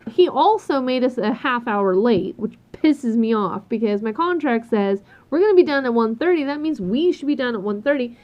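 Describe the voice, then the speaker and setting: A fairly high-voiced woman tells a work story in a loose, exasperated rant. She swears freely and acts out what others said in animated voices. The recording sounds dull and lo-fi. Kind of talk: casual ranting monologue.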